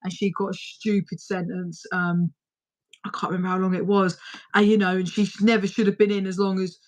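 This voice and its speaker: A woman's voice: mid-range voice, level tone, a little fast. A woman hosting a livestream and chatting casually, talking bluntly and swearing freely. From United Kingdom. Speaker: livestream host. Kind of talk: casual chat.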